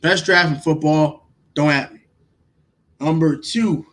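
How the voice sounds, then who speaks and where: A man's voice: a little high, fairly even intonation, slow pace, pauses often, a bit bright. A man hosting a casual livestream, talking emphatically, repeating himself and swearing freely as he reacts to viewers by name. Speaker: livestream host grading draft picks.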